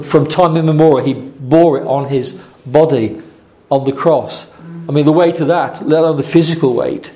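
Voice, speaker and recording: Casting: male preacher, earnest sermon delivery, warm mellow tone, halting restarts. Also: medium pitch. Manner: earnest, repeating phrases, many restarts.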